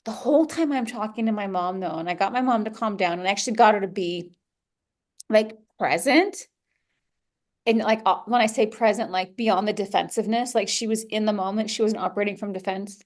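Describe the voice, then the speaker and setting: Candid, animated woman podcaster. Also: on the high side, moderate pace. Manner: candid, animated, swears and laughs freely. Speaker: podcast host. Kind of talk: personal podcast talk.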